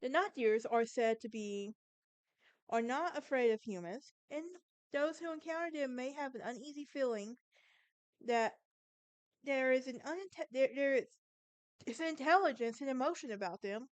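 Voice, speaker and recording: A woman's voice: a little high, a little mellow, clean tone, no echo. A young woman from Alabama with a Southern accent, hosting a casual solo podcast and chatting through a story, often stumbling and correcting herself. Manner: chatty, self-correcting, stumbles over words. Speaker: podcast host.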